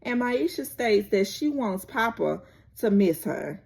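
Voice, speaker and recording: A woman vlogger recaps a TV episode in a chatty, unhurried way. Her pitch swings widely as she tells the story, and her voice carries a gravelly edge. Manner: chatty, animated, drawn-out storytelling.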